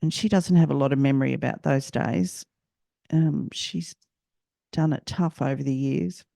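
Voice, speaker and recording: Australian woman, podcast host, personal story, halting reflective delivery, gravelly voice, dry close sound. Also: rumbling low, warm tone, no echo. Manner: reflective, halting, repeats phrases.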